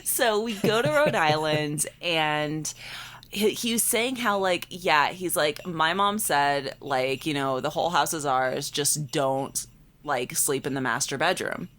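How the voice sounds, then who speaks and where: A woman's voice: low voice, measured pace. A woman in her late twenties, a podcast co-host, telling a ghost story in casual chat, acting out quotes and filling with "like". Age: late 20s. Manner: animated, acts out quotes, many "like" fillers.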